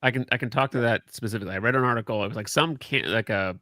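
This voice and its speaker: A man in casual chat who talks quickly and stumbles, repeating words as he tells a story. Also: medium pitch, bright, forceful tone, dry recording.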